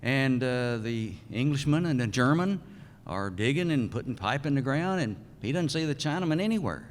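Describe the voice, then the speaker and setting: Older man at a podium, folksy storyteller, pauses a lot, mid-pitched, long reverb of a big hall. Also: lively intonation. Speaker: hall of fame inductee. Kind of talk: acceptance speech with a folksy joke.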